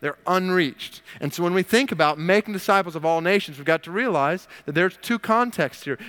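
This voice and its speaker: A man's voice: on the high side, bright, forceful tone, clean tone, long reverb tail. A man preaching a sermon as pastor, stressing and repeating his key phrases.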